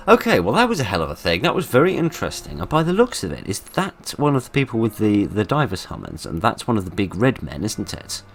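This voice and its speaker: A man narrating a game playthrough, with theatrical polite exasperation that swings from loud outbursts to quiet murmurs. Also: fairly low pitch, wildly swooping pitch, fast, hardly any pauses, a little hiss or hum. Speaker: gaming video host. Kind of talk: let's play commentary.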